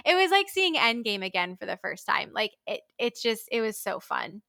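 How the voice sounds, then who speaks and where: A woman in her twenties hosting a casual solo podcast, gushing and animated, full of fillers and little laughs. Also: medium pitch, normal speed, gravelly, no room sound, clean studio sound. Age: 20s. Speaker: podcast host.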